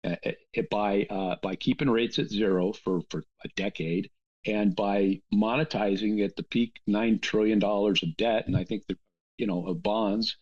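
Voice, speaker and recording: A man talking in a casual, animated rant, with lots of restarts and asides. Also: on the low side, moderate pace, slightly rough. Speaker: podcast guest. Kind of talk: casual ranting conversation. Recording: dull lo-fi sound.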